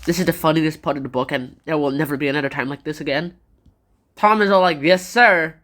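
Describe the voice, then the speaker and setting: A woman's voice: low-pitched, fast talker. A woman giving a casual, playful book summary and acting out the dialogue. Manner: chatty, playful, acts out dialogue.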